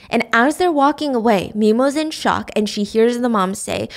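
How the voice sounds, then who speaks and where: A woman podcast host retelling a story in a chatty, animated way, often laughing. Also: on the high side, moderate pace, gravelly, few pauses. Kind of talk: casual storytelling recap.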